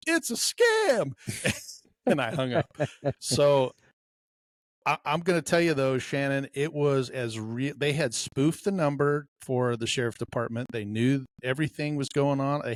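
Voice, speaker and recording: List: man, podcast co-host, casual storytelling, acts out quotes, medium pitch, dry close sound. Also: dry recording.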